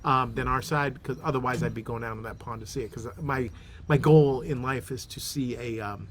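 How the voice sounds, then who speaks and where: A man with a Boston accent co-hosting a podcast, chatting in a relaxed, rambling way with lots of fillers. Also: mid-range voice, brisk, crowd noise. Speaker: podcast co-host. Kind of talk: casual chat.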